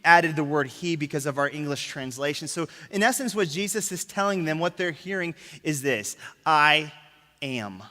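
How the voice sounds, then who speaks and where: Bright-voiced man preaching in a reverberant church. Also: on the high side, a little fast, hardly any pauses. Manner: emphatic, drops to a hush on key words; asks the crowd rhetorical questions. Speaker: pastor. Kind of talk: sermon. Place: church sanctuary. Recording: long reverb of a church hall.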